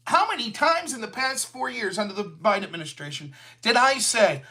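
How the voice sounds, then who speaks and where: A man's voice: high voice, big pitch swings, normal speed, few pauses, sharp tone. A man hosting a livestreamed political commentary show, talking in a heated, sarcastic way. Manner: sarcastic, heated, slips into mocking voices.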